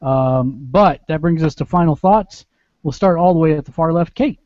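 A man's voice: on the high side, moderate pace, no echo, dull audio. A man hosting a casual gaming podcast, joking and rambling as he hands the mic around. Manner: jokey, rambling, dad-joke teller. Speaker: podcast host.

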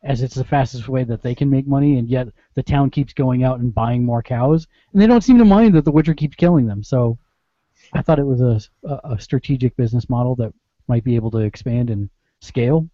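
A man's voice: medium pitch, a little fast, mellow, no echo, muffled recording. A man hosting a casual gaming podcast, joking and rambling as he hands the mic around. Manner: jokey, rambling, dad-joke teller. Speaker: podcast host.

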